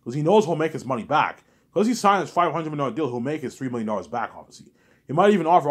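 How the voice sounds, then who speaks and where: A man's voice: medium pitch, very animated, very fast, husky. A man talking in a rambling, repetitive monologue, often restarting and adding "you know what I'm saying". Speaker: vlogger.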